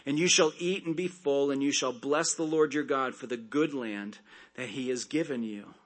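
A man preaching a sermon, reading scripture aloud and breaking off into conversational asides and quick jokes. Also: mid-range voice. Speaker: pastor.

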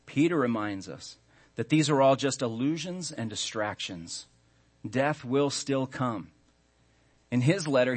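A man in his thirties, a pastor preaching a sermon earnestly, stressing key words and slowing down when he reads scripture. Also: mid-range voice.

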